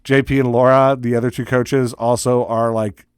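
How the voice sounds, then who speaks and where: A man's voice: medium pitch, little pitch movement, moderate pace, a little mellow, clear, resonant tone, no room sound. Middle-aged man, podcast host, rambling, self-mocking, lots of ums and restarts, dry close mic. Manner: rambling and self-deprecating, with many fillers and restarts. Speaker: podcast host and writing coach. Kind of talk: casual solo podcast update. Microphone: close studio microphone.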